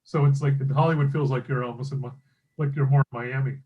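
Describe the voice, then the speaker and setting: A man's voice: medium pitch, steady tone, fast, husky. Casting: easygoing male host, rambles, muffled lo-fi audio. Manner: rambling, many fillers and trailing phrases. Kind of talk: casual chat.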